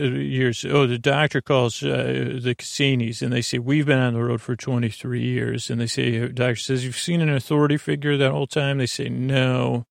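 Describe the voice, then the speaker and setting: A man hosting a bedtime podcast, retelling a TV episode in a rambling, halting way full of fillers and restarts. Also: mid-range voice, vocal fry, no echo, clean studio sound. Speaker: podcast host. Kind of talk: sleepy bedtime episode recap.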